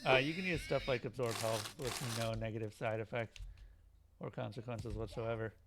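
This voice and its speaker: A man's voice: mid-range voice, steady tone, moderate pace, heavy background noise. A man streaming a video game, giving casual commentary with wry, grumbling asides.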